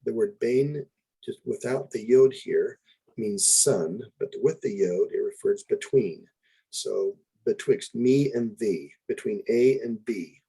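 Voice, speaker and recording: A man's voice: medium pitch, takes it slowly, gravelly, dark tone, husky, rough recording. A man teaching a casual Hebrew lesson, explaining words step by step, repeating them and correcting himself as he goes. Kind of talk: informal grammar and vocabulary lesson.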